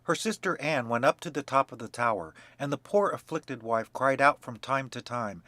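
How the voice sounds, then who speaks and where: A man narrating a fairy tale for young children in a measured, expressive reading. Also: mid-range voice, no echo. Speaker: storyteller.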